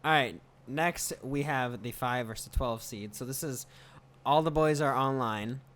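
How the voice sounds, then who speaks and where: A man's voice: mid-range voice, a little slow, fairly bright tone, slight background noise. A young man hosting a casual podcast, laughing often and steering the debate with repeated "all right"s. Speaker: podcast host running the bracket.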